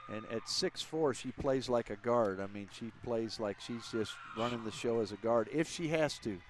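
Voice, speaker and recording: A man's voice: medium pitch, moderate pace, a little hiss or hum. A man calling a women's college basketball game, chatting easily as play-by-play announcer. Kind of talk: sports commentary.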